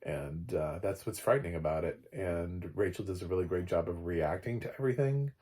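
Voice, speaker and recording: A man with a very low voice talks through a film review in a loose, chatty way. He wanders off on tangents and laughs at his own slips. His opinions come out strong and playfully exaggerated. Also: fairly quick, warm tone.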